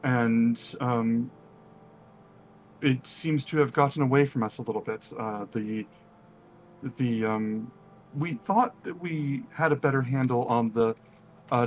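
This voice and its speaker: A man's voice: medium pitch, slow, a little hiss or hum. A man narrating as game master of a tabletop game, rambling with many fillers and restarts.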